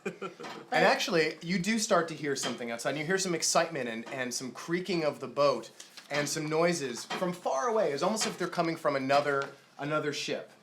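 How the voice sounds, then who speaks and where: A man's voice: a little high, animated, brisk, background noise. A man narrating a tabletop game as game master, hesitant and full of fillers.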